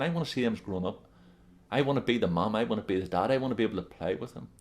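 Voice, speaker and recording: A man presenting a self-help video, talking bluntly and emphatically straight to his viewers, repeating his main points and calling them "guys". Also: mid-range voice. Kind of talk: direct-to-camera motivational advice.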